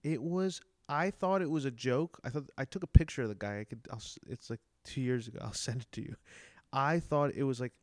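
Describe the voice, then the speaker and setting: Smooth-voiced man, chatty storyteller. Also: medium pitch, brisk, a little mellow, no echo, clean studio sound. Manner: chatty, laughing, eager storyteller. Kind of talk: casual chat.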